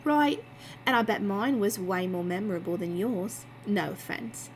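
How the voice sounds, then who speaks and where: A woman's voice: medium pitch, animated, measured pace, a little hiss or hum. A woman voicing a chatty, cheeky barmaid, telling her story breezily. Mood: breezy.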